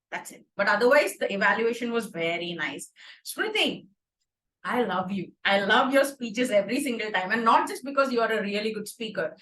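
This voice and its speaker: A woman with an Indian English accent hosting an online club meeting and giving warm, expressive feedback. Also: sits high, echoey room, slight background noise, rough recording. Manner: warm, expressive, praising then suggesting. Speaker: meeting host, Toastmaster of the day.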